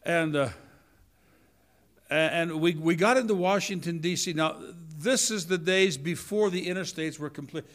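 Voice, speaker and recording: An older man preaching a sermon to his congregation in a folksy, animated way, full of asides and stories. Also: a little high, normal speed.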